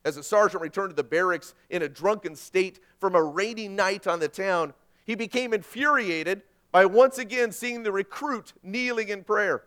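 High-voiced man preaching with drama. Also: moderate pace. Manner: dramatic preaching, rising loud on questions and quotes. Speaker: pastor. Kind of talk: sermon.

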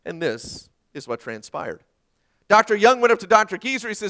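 A male pastor giving an earnest sermon, asking rhetorical questions and swinging between loud and soft. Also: high-pitched, big pitch swings, moderate pace.

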